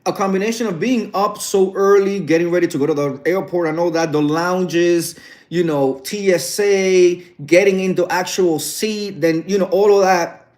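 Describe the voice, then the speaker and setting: A man's voice: sits high, moderate pace, a little mellow. A man chatting casually to his viewers in a sassy, gossiping storytelling manner. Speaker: vlogger addressing viewers. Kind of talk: casual chat.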